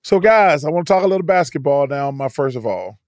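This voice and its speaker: A man's voice: on the high side, expressive, fairly quick, a little mellow, no room sound, studio quality. An older man co-hosting a casual podcast, boisterous and blunt, laughing often as he talks. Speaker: podcast co-host.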